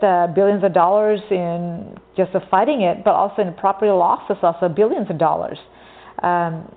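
A young Californian woman hosts an informal talk, her voice sitting a little low and coming through thin and phone-like. She rambles in an easy conversational way and keeps looping back to things she already said. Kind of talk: casual informational monologue. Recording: tinny phone-like audio.

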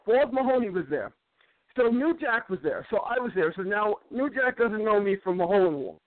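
A man's voice: high-pitched, no echo. A man in casual chat telling rambling anecdotes, stammering into restarts and repeating words as he goes. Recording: tinny phone-like line, dry.

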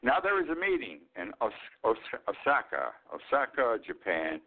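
Older man in his eighties, blunt and rambling, lively low voice, tinny phone-like sound. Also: normal speed, gravelly. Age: 80s. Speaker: host. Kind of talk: political commentary monologue.

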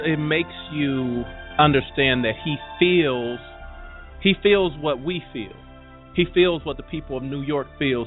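Earnest male guest, tinny line. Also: on the high side. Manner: earnest, repeats himself. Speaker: show guest. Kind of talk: casual chat. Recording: tinny phone-like audio with faint music.

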